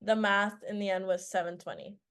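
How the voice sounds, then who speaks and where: A woman's voice: mid-range voice, fairly quick. Chatty teenage girl telling a story. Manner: chatty, animated storytelling with many fillers. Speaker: guest, former student. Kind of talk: casual interview chat.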